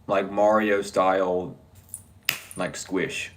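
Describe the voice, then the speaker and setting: A man's voice: sits low, steady tone, very slow, noisy background. A man giving a casual tarot reading, talking bluntly and joking with frequent swearing. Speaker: tarot reader.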